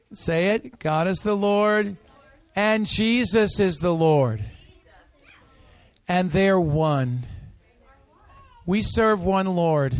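A high-voiced man delivers an interactive sermon at an unhurried, deliberate pace. He coaxes his listeners to repeat after him and answer back, leaning hard on each phrase. The sound is close and dry, with no room echo. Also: animated. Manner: coaxing, call-and-response, slow and emphatic. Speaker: pastor.

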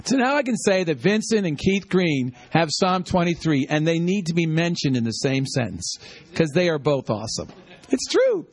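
A man's voice: fairly high pitch, big pitch swings, normal speed. A man preaching a sermon, teaching with call-and-response and repeating key lines for the congregation. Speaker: pastor.

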